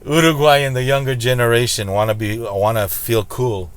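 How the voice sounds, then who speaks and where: A man's voice: mid-range voice, fairly even intonation, normal speed. Blunt, preachy man vlogging. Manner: blunt, preachy, emphatic repetition. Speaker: slots channel host. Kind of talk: casual vlog commentary.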